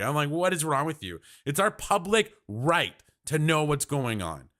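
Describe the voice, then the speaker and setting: Brief: Canadian male streamer, bright forceful voice, excitable reaction commentary. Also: on the high side. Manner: animated, exasperated, talks fast in bursts. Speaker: live stream host reacting to parliament.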